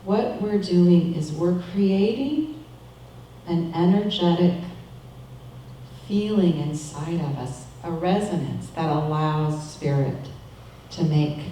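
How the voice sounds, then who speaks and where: A middle-aged woman giving a calm, measured, reflective sermon as a minister. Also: deep voice, recorded from a distance, slight background noise. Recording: echoey room, voice from off-mic.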